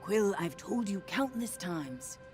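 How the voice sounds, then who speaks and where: A woman's voice: medium pitch, animated, slow. A stern, protective old uncle mouse, as a woman voices him in a game's storybook telling, grave and scolding. His voice sits in a middling register. Faint game music runs behind him. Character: stern, worried older male mouse uncle. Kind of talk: storybook narration in a video game.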